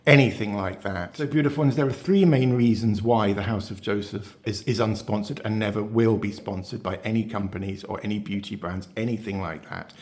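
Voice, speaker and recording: Chatty man, low voice. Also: steady tone, a little fast, hardly any pauses, a little mellow. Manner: chatty, rambling, many fillers and restarts; asks viewers rhetorical questions. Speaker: beauty channel host. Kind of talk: casual talk to camera.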